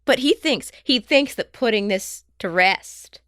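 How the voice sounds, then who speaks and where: A woman co-hosting a podcast in casual chat, animated and teasing, full of fillers. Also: a little high, a little slow, dry recording, studio quality. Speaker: podcast co-host.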